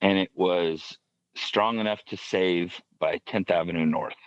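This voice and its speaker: A man on a podcast telling a personal faith story in a halting, reflective way, often restarting his sentences. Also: deep voice, steady tone, no echo, dull audio. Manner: halting, reflective, with many restarts and soft asides. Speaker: podcast guest.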